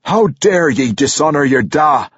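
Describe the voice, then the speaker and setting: A man voicing a gruff, stern male dwarf king who shouts and scolds in a dwarven dialect. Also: a little high, lively intonation, a little slow, dry recording, muffled recording, pitched above the performer's own voice, heavily acted. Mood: angry.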